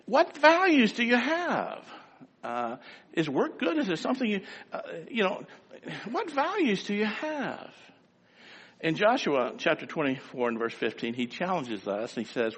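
A man preaching a sermon, telling folksy stories and building to fervent, loud exhortation. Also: a little high, sing-song, a little slow, big-room sound.

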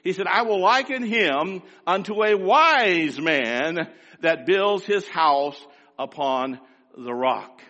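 A man preaching a sermon in a scratchy voice, swinging from quiet asides to loud, rising exhortation. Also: high-pitched, expressive, slow, in a large hall, dull audio.

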